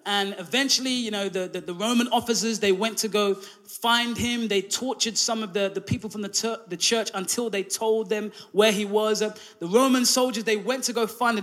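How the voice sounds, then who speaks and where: A man preaching a sermon, telling a story with many fillers and restarts and building to loud emphasis. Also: high voice. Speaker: pastor.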